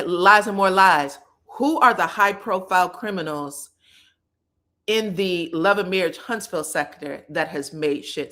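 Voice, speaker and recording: A woman hosting casual pop-culture commentary, chatty and animated, talking straight to her viewers. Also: on the low side. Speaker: commentary host.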